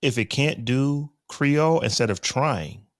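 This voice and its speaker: A man's voice: mid-range voice, expressive, unhurried, no room sound, studio quality. A man hosting a casual tech podcast, talking conversationally and steering toward the next segment. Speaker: podcast host.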